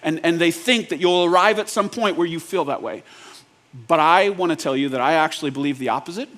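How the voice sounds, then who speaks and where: A man's voice: a little high, a little fast, a bit bright. Joking, conversational male pastor preaching. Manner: asks the audience rhetorical check-ins. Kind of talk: sermon.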